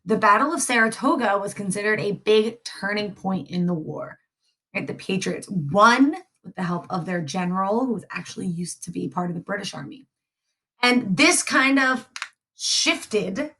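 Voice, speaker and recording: A woman's voice: fairly high pitch, bright, forceful tone. A woman teacher from the Mid-reviewing a history lesson, chatty and often checking in with "right?". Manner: chatty, frequent tag questions.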